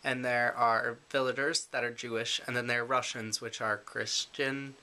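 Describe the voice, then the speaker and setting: Guy vlogging to camera, rambly and chatty, bright clear voice. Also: medium pitch, little pitch movement, normal speed. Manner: rambling, chatty, many fillers and trailing asides; self-deprecating and talkative. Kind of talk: casual daily vlog.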